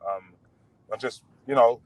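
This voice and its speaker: A man chatting as a boxer guest on a podcast, relaxed and full of fillers and restarts. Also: medium pitch, a little slow, no echo, poor audio. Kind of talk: casual podcast interview.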